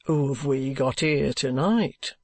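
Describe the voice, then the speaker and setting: Audiobook role: man playing a stern, gruff detective. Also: medium pitch, slow pace, no room sound. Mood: probing. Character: stern, probing male detective.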